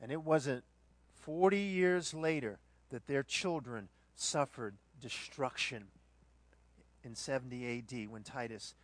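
A man preaching a sermon, moving between hushed reflection and loud, dramatic retelling of the scene. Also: medium pitch, takes it slowly, no room sound. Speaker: pastor.

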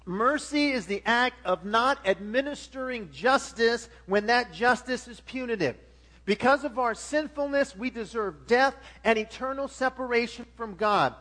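Middle-aged guy preaching, really high voice for a man, slow and emphatic, keeps restarting lines. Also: pushed and bright. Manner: emphatic preaching, frequent restarts, swells in volume. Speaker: pastor. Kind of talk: sermon.

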